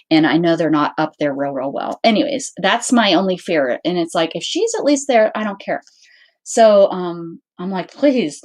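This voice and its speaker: A woman hosting her own channel, casually telling a story to her viewers, acting out what everyone said and restarting her sentences often. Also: fairly low pitch. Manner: animated, acts out quoted dialogue; rambling with frequent restarts. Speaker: channel host.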